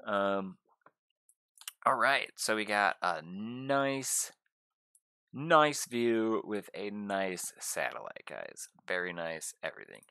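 A young man giving casual gameplay commentary, gushing excitedly and talking straight to his viewers. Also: fairly low pitch, takes it slowly, vocal fry, smooth, dry recording, studio quality. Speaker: gaming YouTuber.

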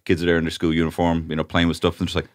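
A young man, co-host of a podcast, teasing his friends with quick, sweary banter. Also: sits low, monotone, no echo, clean studio sound. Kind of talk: casual chat.

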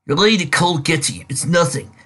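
A confident, dismissive pegasus mare in a storybook reading, raised in pitch with a husky grain, as a man puts her on. Her lines come brisk and offhand, with lively rises. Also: exaggerated voice.

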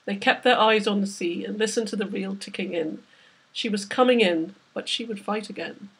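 A woman's voice: medium pitch, moderate pace, slightly rough. A woman, the author, reading aloud from her novel with vivid, dramatic storytelling. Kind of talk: literary reading.

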